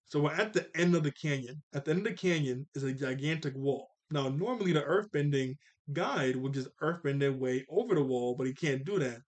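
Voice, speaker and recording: A young man casually recapping a cartoon episode, rambling with lots of "like", restarts and chuckles at his own jokes. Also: medium pitch.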